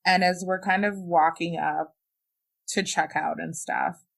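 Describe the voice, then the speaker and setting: A woman's voice: fairly low pitch, steady tone, unhurried, gravelly. A young woman, a podcast guest, frankly and emotionally recounting a personal experience, with many "like"s and "you know"s. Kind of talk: candid personal storytelling.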